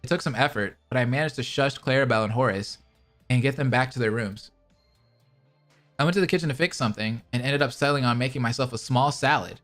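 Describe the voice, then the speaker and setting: A man's voice: medium pitch, fast talker, fairly bright tone, faint music behind, natural voice. A man reading aloud as a tired, kind older woman narrating her own story in the first person.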